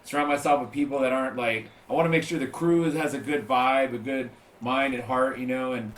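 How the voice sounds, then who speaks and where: Male podcast host, quick, chatty delivery, echoey room sound. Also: mid-range voice, a little hiss or hum. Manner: fast, relaxed and chatty with many fillers. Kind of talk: casual podcast chat.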